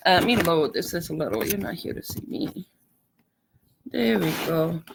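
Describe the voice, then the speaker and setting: Chatty woman with vocal fry. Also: fairly low pitch, normal speed, a little hiss or hum, low-quality recording. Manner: chatty, apologetic, greets viewers by name. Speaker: craft channel host. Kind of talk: live-stream craft tutorial.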